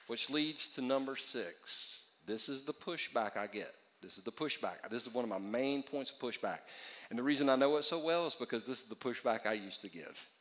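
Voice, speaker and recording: A man preaching a sermon in a church auditorium, repeating phrases for emphasis and swinging between loud stretches and hushed ones. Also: medium pitch, long reverb tail. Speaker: pastor.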